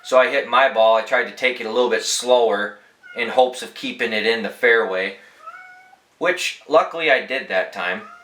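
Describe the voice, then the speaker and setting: A man's voice: medium pitch, moderate pace, fairly bright tone, echoey room, low-quality recording. Young man swearing his way through a story. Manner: laid-back, profane, rambling anecdotes. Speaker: podcast host. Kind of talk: casual storytelling.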